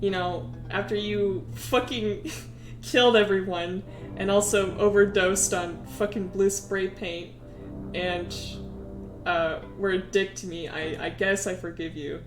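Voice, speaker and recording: A woman voicing a sardonic young man who reacts with flat, sarcastic remarks. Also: mid-range voice, takes it slowly, roomy sound, over music, natural voice. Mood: grudging.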